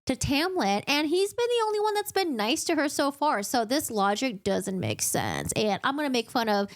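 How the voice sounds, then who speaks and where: A woman's voice: high voice, sing-song, moderate pace. A woman giving a casual, chatty book recap full of joking asides.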